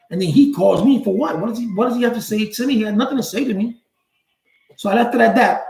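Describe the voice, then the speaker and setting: A man telling a personal story in a casual, blunt way, with street slang and swearing. He acts out the other people's lines with sudden jumps in pitch. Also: fast, vocal fry, roomy sound, rough recording. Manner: animated, acts out quoted dialogue with big pitch jumps. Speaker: channel host.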